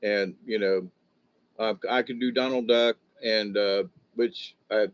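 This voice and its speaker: A man's voice: lowish voice, fairly even intonation, measured pace, clean tone. An older man giving a rambling spiritual talk on a long livestream, chuckling often, with speech shaped by missing teeth. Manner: meandering, chuckling, with many fillers and restarts. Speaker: spiritual teacher. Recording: dull lo-fi stream audio.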